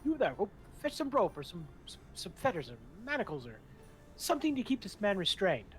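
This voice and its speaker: A man's voice: sits high, wildly swooping pitch, brisk, a bit bright, a little hiss or hum, pitched above the performer's own voice, full character voice. A man voicing a fussy, anxious male major domo who stammers and repeats himself.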